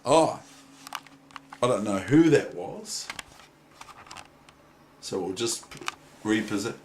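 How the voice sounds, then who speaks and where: A man's voice: lowish voice, animated, slow pace, a little mellow. A man with a New Zealand accent giving a casual chess lesson, rambling and hesitant. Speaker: chess teacher. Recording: echoey room, faint noise.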